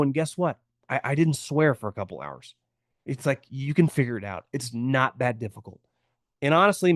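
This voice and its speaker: A man's voice: on the high side, no echo, studio quality. A man hosting a sports podcast, giving blunt, opinionated commentary in a casual way and stressing points by repeating them. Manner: blunt, opinionated, emphatic repetition.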